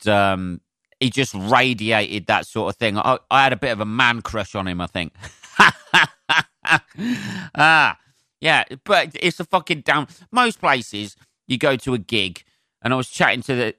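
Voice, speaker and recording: A man's voice: medium pitch, sharp tone, dry recording. A man, a comedian hosting his own podcast, chatting on his own in a rambling, sweary way with lots of ums, close to the mic. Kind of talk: casual solo podcast monologue.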